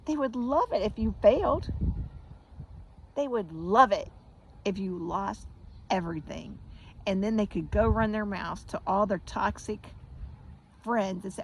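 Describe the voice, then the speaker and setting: A woman's voice: medium pitch, measured pace, long pauses. A middle-aged American woman delivers a raw, impassioned vent straight to her viewers. Her voice sits in an ordinary middle register, hard-edged and profane. A faint background noise hums under the recording. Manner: blunt, angry, profane, swings into mocking voices. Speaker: vlogger.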